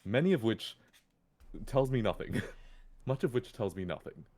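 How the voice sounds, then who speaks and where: A man's voice: medium pitch, sing-song, moderate pace, darkish tone. A man playing in a tabletop game, rambling and self-deprecating, often laughing. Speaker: player.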